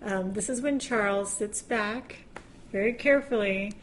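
A woman's voice: medium pitch, measured pace, slight background noise. A woman co-hosting a podcast, chatting casually and laughing often. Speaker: podcast co-host. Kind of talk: casual chat.

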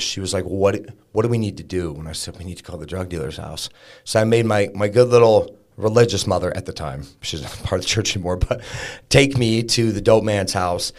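A man telling a raw personal story as a podcast guest, frank and casual, swearing and peppering his talk with fillers. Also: low voice. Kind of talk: candid personal storytelling in an interview.

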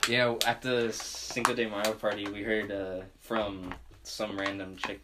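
A man's voice: fairly low pitch, little pitch movement, measured pace, very noisy. A young man in casual chat, laughing often and swearing while he retells a story. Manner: laughing, swearing, mock show sign-off.

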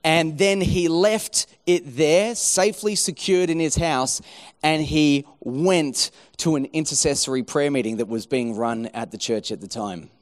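A middle-aged man preaching a sermon, telling a story with lively acted-out quotes. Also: a little high, a little slow. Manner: animated storytelling, acting out quoted voices. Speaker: pastor.

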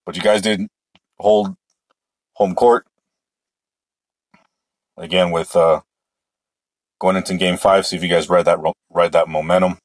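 A man's voice: low-pitched, steady tone, unhurried, pauses often, no room sound. A man hosting a casual solo sports show, opinionated and rambling, often restarting his sentences. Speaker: sports podcast host.

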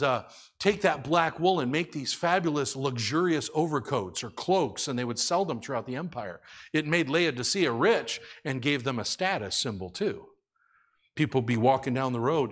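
A man's voice: mid-range voice, fairly bright tone, breathy edge. A man preaching a sermon as a pastor, in a conversational way, asking the congregation questions.

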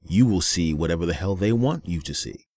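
A man's voice: sits low, expressive, a little fast, a little mellow. A man hosting a solo podcast, ranting in a weary, angry way, with a lot of profanity and repetition. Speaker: podcast host.

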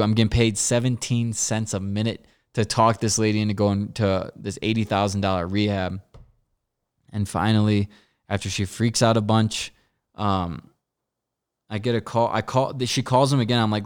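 A man's voice: fairly low pitch, steady tone, normal speed, clean tone. A man hosting a podcast, telling stories in a casual, rambling way with lots of fillers and voiced quotes. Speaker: podcast host. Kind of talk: casual storytelling.

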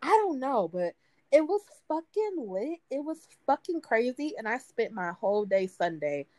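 20s woman on a podcast telling a story, animated, laughs a lot, does quotes in a higher voice, dry close mic. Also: normal speed, no echo. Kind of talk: casual storytelling chat.

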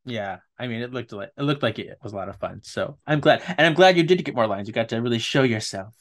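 A male host of ordinary pitch leads the conversation in a relaxed, friendly way. He laughs often and steers the talk with easygoing questions. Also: fast. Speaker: interviewer host. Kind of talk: casual interview chat.

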